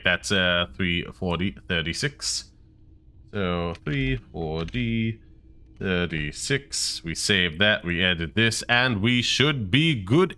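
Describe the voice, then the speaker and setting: A man streaming a game, chatting casually and wryly, quick to rant about what annoys him. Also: deep voice, animated, sharp tone, clean tone. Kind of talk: casual gameplay commentary. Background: game music.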